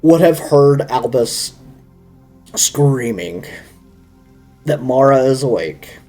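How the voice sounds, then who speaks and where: A man running a tabletop game as game master, narrating scenes in a slow, dramatic way. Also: medium pitch, animated, warm tone, soft background music.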